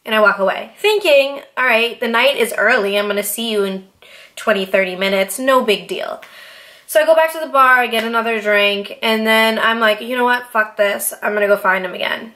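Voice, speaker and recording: A woman in her late twenties, from Boston, tells a story to camera in a casual way. Her voice sits a little high. She swears freely and acts out each quote with animated energy. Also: fairly quick. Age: 20s. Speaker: vlogger.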